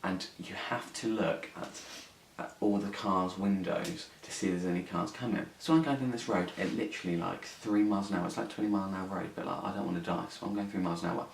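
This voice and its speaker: A man's voice: sits low, fairly even intonation, fast talker, vocal fry, few pauses. A young man telling a story on his vlog, sweary, rambling and indignant. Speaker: vlogger. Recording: echoey room, mic at a distance, faint hiss.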